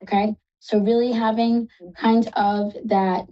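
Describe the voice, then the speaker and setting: A psychic reader gives a caller a tarot reading on a live call-in program, reassuring and chatty, using endearments like "love." She sits on the high side, speaking slowly in a level tone, and the recording has its highs cut off.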